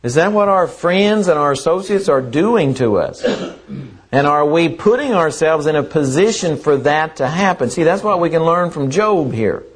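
A man preaching a sermon in a slow, earnest way, repeating phrases for emphasis. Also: on the high side, animated.

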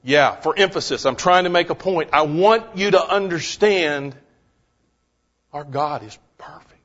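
Slow, emphatic preacher man. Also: a little high, fairly bright tone. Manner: emphatic, repeats words for stress, asks the listeners questions. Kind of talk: sermon. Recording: dull lo-fi recording.

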